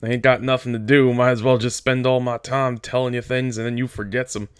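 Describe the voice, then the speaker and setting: A man voicing a small, irritable male ranch hand who scolds in a gruff, exasperated way. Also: mid-range voice, flat delivery, brisk, dry recording, studio quality, close to an everyday voice. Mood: scolding.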